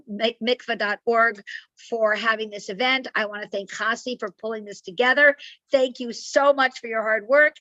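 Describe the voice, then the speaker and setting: A woman's voice: on the high side, pushed and bright, no echo, lo-fi sound. A woman herbalist giving an informative online talk and answering questions. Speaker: herbalist speaker. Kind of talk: online lecture and Q&A.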